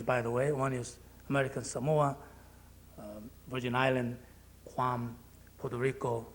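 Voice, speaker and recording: A man with a Korean accent, a congressman giving a public speech in a plainspoken, joking way with halting phrasing. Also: medium pitch.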